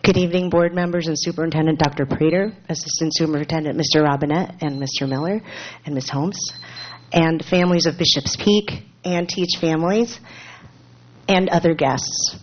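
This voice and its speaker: A woman, a parent, giving public comment at a school board meeting, partly reading from notes in an earnest, slightly halting way with small asides. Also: sits low, a little hiss or hum. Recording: dull lo-fi meeting recording.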